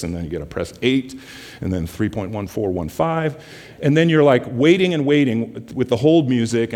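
A man giving a guest sermon in a church, mixing casual stories with slow, softly quoted scripture. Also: lowish voice, big-room sound. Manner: conversational, scripture quotes slowed and softened. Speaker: guest preacher from a justice ministry.

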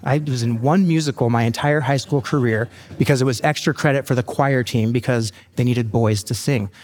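A man in his forties, a pastor telling his testimony in a sermon, with self-deprecating humor and lively asides. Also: medium pitch, a little fast.

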